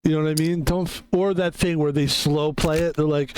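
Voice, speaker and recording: Male streamer, casual ramble, profane, filler-heavy delivery, slightly high voice, faint background hiss. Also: fairly even intonation, normal speed, low-quality recording. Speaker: streamer and security guard.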